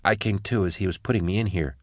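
A man voicing a bruised, fierce woman prisoner with sharp, urgent speech in a lifted voice. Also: sits low, fast talker, no echo, studio quality, close to an everyday voice.

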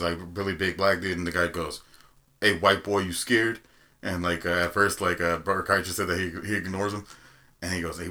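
A man's voice: low-pitched, sharp tone. A man co-hosting a casual podcast, telling stories in a rambling, hesitant way with lots of fillers. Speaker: podcast co-host. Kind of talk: casual chat, storytelling.

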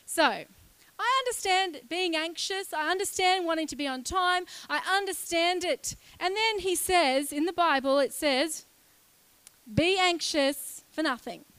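A woman, preaching a lively, chatty sermon in a church and joking with the congregation. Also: extremely high pitch, a little slow, dry recording. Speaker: guest preacher.

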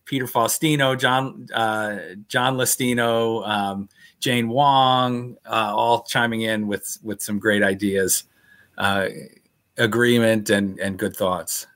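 Brief: man co-host, bright forceful tone, friendly hesitant questions, lots of ums. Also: on the low side, steady tone, slow. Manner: friendly, hesitant with fillers and repeated words. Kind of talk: casual interview chat.

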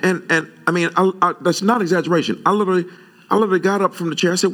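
A man preaching a sermon, animated and conversational, jumping high in pitch when he retells his own words. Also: racing. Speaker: pastor.

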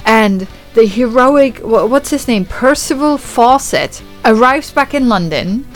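A woman's voice: fairly high pitch, measured pace, faint music behind. Swearing woman recapping a film. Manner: swearing, lively retelling with acted-out reactions. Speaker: podcast host. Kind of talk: casual film review chat.

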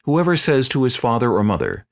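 A man voicing a calm, authoritative male teacher in a dramatized scripture reading, with measured, earnest delivery. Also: mid-range voice, creaky. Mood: teaching.

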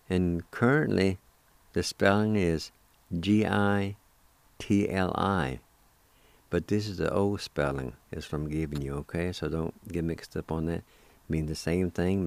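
A man's voice: sits low, a little mellow, no echo. A man hosting a radio language lesson, patiently spelling and repeating each word syllable by syllable. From Cherokee Nation, Oklahoma. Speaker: radio host teaching language. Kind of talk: slow spelling and pronunciation lesson.

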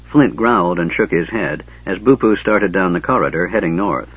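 A man narrates a fantasy story in a steady, even storytelling voice. His voice is low and husky. The recording sounds dull and lo-fi. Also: moderate pace, hardly any pauses, no echo. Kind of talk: scripted narration.

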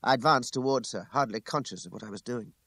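Measured male narrator with gravelly creak. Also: medium pitch, fairly bright tone, no echo. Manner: measured and restrained. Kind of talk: scripted audiobook narration.

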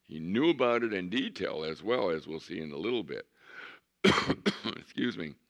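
Low gravelly-voiced male pastor. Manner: conversational storytelling, drawn-out emphasis. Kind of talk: sermon.

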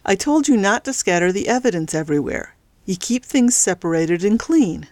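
A woman's voice: mid-range voice, lively intonation, moderate pace, darkish tone, dry recording, lightly acted. A woman voicing a cold, controlling male crime boss in a storybook reading.

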